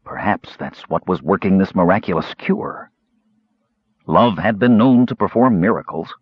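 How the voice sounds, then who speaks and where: A man narrating a fantasy novel as an audiobook, in an expressive, measured storytelling manner. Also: low voice, slightly rough, dry recording, muffled recording.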